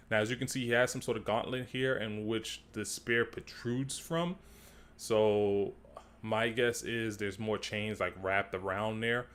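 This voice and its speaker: Chatty man doing a slangy trailer breakdown. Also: a bit bright. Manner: slangy and chatty, repeats himself and restarts phrases; gets worked up and rises in pitch when ranting. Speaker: video creator breaking down a movie trailer. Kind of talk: casual trailer-breakdown commentary.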